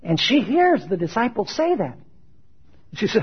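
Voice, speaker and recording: A man preaching a sermon, animated, asking rhetorical questions and building to emphatic shouted peaks, in a dull lo-fi recording. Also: extremely high pitch, normal speed, breathy edge.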